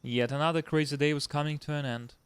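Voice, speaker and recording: A man's voice: on the high side, steady tone, fast, clean tone, no room sound. A man playing a game, reading its story aloud with his own comments. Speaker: let's play host reading a visual novel aloud.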